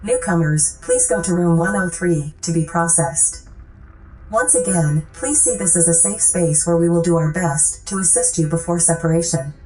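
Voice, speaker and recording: A calm, reassuring robot intercom drones out announcements in a flat monotone drawl, as a male storyteller puts it on. The voice is pushed far up in pitch, sounding female and oddly sweet, with quiet music underneath. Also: normal speed, clear, resonant tone, lightly acted.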